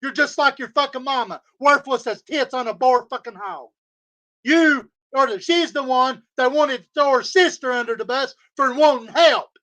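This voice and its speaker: A man with a very high, sharp voice rants on a livestream. He swears constantly and circles back to the same insults in a heated stream of talk. The tone is cutting and tense. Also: moderate pace. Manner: profane, heated, repetitive insults. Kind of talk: angry livestream rant. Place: home studio.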